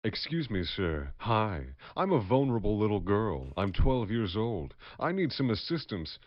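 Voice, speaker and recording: A man playing a naive twelve-year-old girl in a mock-innocent, flat voice. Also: fairly low pitch, a little slow, no echo. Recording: muffled lo-fi recording.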